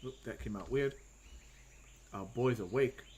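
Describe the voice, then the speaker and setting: A man and comic artist giving casual livestream commentary, thinking aloud as he draws with frequent pauses and self-talk. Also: mid-range voice, mellow, slight background noise. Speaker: comic artist streaming his drawing.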